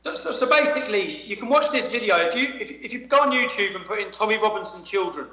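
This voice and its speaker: A man's voice: sits high, animated, fast talker, bright, forceful tone. A man, telling a guest's heated account, emphatic and repeating his words. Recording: echoey, dull-sounding audio.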